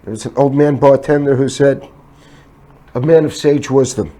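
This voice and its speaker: A man's voice: mid-range voice, fairly even intonation, moderate pace, pauses often, mellow. Laid-back storytelling man host. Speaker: show host. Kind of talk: casual talk show banter.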